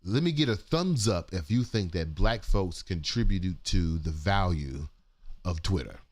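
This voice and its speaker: Animated low-voiced man co-hosting. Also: unhurried. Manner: animated, joking, profane. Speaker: morning show co-host. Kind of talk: casual livestream talk show banter.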